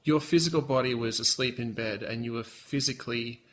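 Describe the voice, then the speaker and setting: A man speaks softly as a host, recapping and pressing gently for detail. His voice sits at a middle pitch and comes from a little off the mic. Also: fairly quick, slight background noise. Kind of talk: casual interview.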